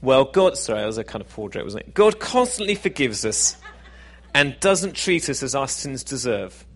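A man's voice: medium pitch, big pitch swings, moderate pace, fairly bright tone. A man preaching a sermon in a conversational, self-deprecating, jokey way.

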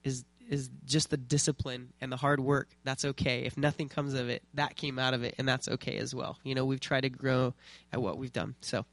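A man giving an informal faith talk to a small group of artists, relaxed and rambling, with many fillers and restarts. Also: mid-range voice, a little fast, no echo.

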